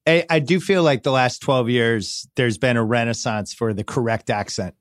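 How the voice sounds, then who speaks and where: A man hosting a podcast, chatting casually with quick conversational asides. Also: mid-range voice, dry recording, clean studio sound. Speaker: podcast host. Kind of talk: casual sports podcast chat.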